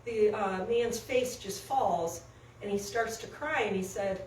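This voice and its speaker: A woman telling a story in a coaching session, animated and acting out quotes, recorded off-mic in an echoey room with faint noise. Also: mid-range voice, measured pace, far from the mic.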